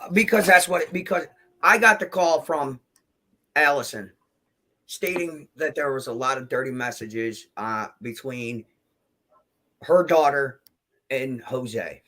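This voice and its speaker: A man's voice: medium pitch, slow pace, pauses often, pushed and bright. A man on a livestream panel, answering questions defensively and emotionally, rambling and restarting as he talks. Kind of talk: heated livestream argument.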